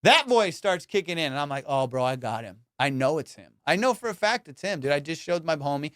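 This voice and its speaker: A male comedian hosting a podcast, telling high school stories in a slangy, animated way and acting out the people in them. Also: a little fast, clear, resonant tone, no echo, clean studio sound. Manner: slangy, animated, acts out quoted voices. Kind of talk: casual storytelling.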